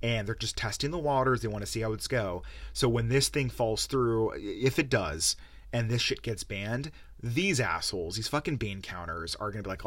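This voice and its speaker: Low-voiced man ranting and swearing. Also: a little fast, fairly bright tone, no echo. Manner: profane, heated ranting. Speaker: podcast host. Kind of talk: solo gaming podcast rant.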